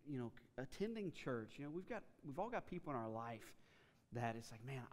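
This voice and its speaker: A man preaching a sermon as a pastor, telling the story in a casual, animated way with frequent restarts. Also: mid-range voice, a little fast, long reverb tail.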